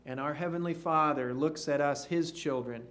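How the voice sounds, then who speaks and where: A man preaching a sermon in an earnest way, sinking to a hush on key phrases. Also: on the high side, normal speed, slight background noise. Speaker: pastor.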